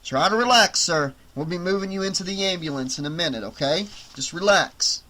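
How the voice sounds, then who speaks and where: A man reading an audiobook, voicing a paramedic who gives quick, clipped orders. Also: high-pitched, expressive, sharp tone. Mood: brisk. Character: brisk, commanding male paramedic.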